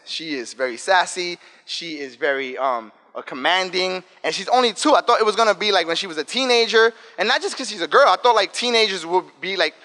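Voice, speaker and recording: Bronx guy w/ african american english accent, super energetic and talky, kinda high voice, big echoey hall. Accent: African American English, New York. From South Bronx, New York. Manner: energetic, talkative, loose and joking. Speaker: guest speaker. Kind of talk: casual talk to students. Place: school event room. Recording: long reverb hall.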